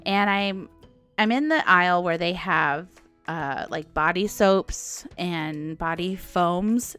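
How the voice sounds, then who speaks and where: A woman in her forties, telling a story on her podcast in a chatty, animated way and laughing often. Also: fairly low pitch, slow, clean tone, faint music behind. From United States. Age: 40s. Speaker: podcast host. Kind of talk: casual storytelling monologue.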